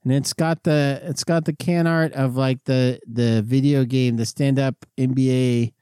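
A man's voice: mid-range voice, steady tone, a little slow, mellow, clear, resonant tone, no echo, studio quality. A man co-hosting a podcast, chatting casually with a laughing, rambling, playful manner. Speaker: podcast co-host. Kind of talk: casual chat.

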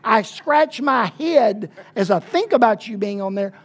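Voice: mid-range voice, expressive, slightly rough. Chatty small-church pastor preaching. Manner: conversational, halting with fillers, emphatic asides. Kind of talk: informal sermon.

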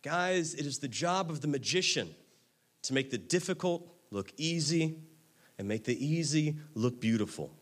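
A man voicing a calm, dry-witted male street magician, matter-of-fact. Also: on the high side, normal speed. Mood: earnest.

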